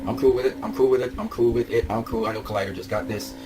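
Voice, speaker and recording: A man's voice: medium pitch, steady tone, fast, background noise. A young man gushing over collectible figures in a vlog, laughing and repeating himself as he talks. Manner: gushing, breaks into laughs and shouts. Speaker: vlogger. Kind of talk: excited toy-collector commentary.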